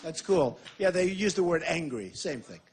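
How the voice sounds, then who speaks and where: A man's voice: a little high, lively intonation, moderate pace, gravelly, husky. A man in his sixties, a presidential candidate at a rally, answering questions in an emphatic, repetitive and boastful way. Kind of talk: campaign Q&A speech.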